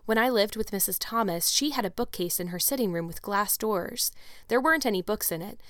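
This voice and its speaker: A woman's voice: medium pitch, animated, brisk, no room sound, natural voice. A talkative young orphan girl pours out her daydreams in long, gushing run-on sentences, read by a woman. She sounds imaginative and eager, and the voice is close and dry, with nothing of the room around it. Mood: dreamy. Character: dreamy talkative orphan girl, about eleven. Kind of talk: audiobook character reading.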